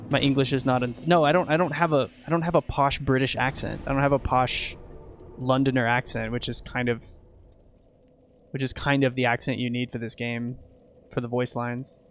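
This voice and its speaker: A man commentating casually as he streams a game, chatting with viewers, excitable and profane. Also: mid-range voice, moderate pace, a little hiss or hum. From United States.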